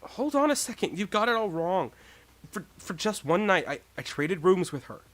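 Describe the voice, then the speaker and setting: A man's voice: high voice, big pitch swings, normal speed, a bit bright, pitched above the performer's own voice. Guy reading as a nervous teen boy, stammering and flustered, voice jumping around. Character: nervous ordinary teenage boy under suspicion.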